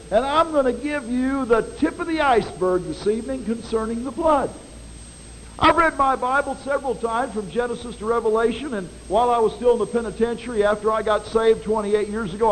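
High-voiced folksy male preacher. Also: a little fast, slight background noise, low-quality recording. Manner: folksy, animated preaching with dramatic voice swings. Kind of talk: sermon.

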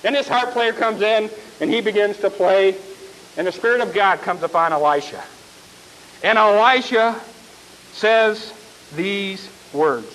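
A man preaching a sermon, telling a Bible story in a folksy, animated way and repeating words. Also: high-pitched, normal speed, slight background noise, low-quality recording.

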